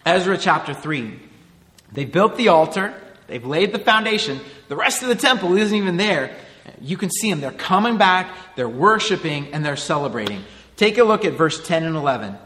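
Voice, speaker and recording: A man's voice: fairly high pitch, very animated, normal speed, sharp tone, long reverb tail. A man in his thirties, a pastor giving an earnest, conversational sermon full of rhetorical questions.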